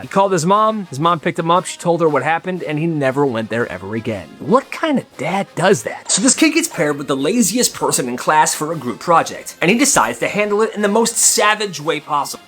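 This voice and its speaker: A man telling funny stories in a casual, animated way, slipping into quick voices for the people in them. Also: a little high, soft background music. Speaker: storyteller. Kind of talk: casual comedic storytelling.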